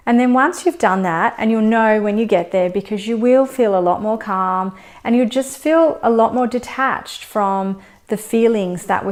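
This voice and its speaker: A woman teaching a tapping technique, calmly guiding listeners step by step and slowing down to demonstrate example scripts. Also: medium pitch. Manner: calm, steady guidance, slowing down for demonstration scripts. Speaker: tapping instructor. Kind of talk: instructional demonstration.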